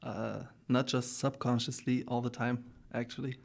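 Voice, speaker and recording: Flat-toned man, hesitant and chatty. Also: mid-range voice, moderate pace, creaky. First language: German. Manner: hesitant, many uh fillers, laughs often. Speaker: podcast guest. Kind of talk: casual interview chat.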